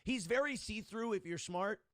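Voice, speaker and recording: A livestream host talks casually and rambles, often restarting his sentences and mockingly imitating other people's voices. His voice is high-pitched and fairly bright at normal speed, recorded clean in a studio with no room sound.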